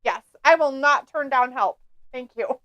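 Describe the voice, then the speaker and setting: A woman's voice: high voice, unhurried, fairly bright tone, no room sound, muffled recording. A woman co-hosting a live stream, chatting casually, laughing often and reading viewer comments aloud. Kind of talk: casual watch-along chat.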